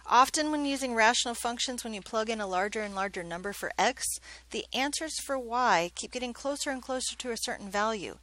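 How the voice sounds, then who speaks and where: A woman's voice: a little high, a little fast, fairly bright tone. A woman math teacher giving a classroom lesson, chatty and joking, often checking in with questions.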